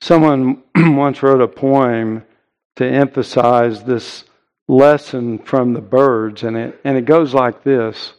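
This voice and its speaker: A male pastor delivering a sermon at an unhurried pace, leaning on key words with earnest emphasis. His voice sits in a middle register and comes through a slightly dull, lo-fi recording. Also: mid-range voice, fairly even intonation, darkish tone, clear, resonant tone. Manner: earnest, emphatic preaching with deliberate pauses.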